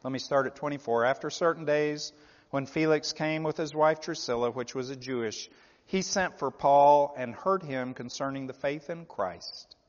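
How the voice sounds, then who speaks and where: A man preaching a revival sermon, swinging from loud, pleading appeals to hushed, low endings. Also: moderate pace. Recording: dull, echoey hall.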